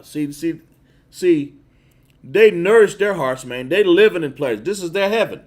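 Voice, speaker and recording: Man preacher on a phone stream, slightly high, lively swings, emphatic and drawn out. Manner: emphatic, drawn-out stresses, chats with viewers between verses. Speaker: livestream preacher. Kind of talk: sermon with scripture reading.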